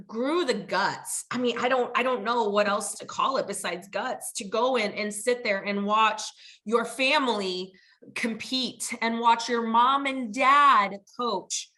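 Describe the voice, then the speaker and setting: A woman's voice: a little high, bright, forceful tone. A woman from Nebraska hosting a podcast, interviewing her co-host in an empathetic, emotional and chatty way. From Nebraska, USA. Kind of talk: warm conversational interview.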